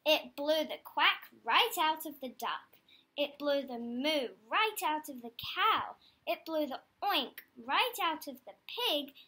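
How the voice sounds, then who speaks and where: A woman reads a children's picture book aloud in a slow, deliberate rhythm. Her voice is high and bright, and she shapes each line with expressive storytelling for young listeners. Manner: expressive storytelling, dropping low for narration tags.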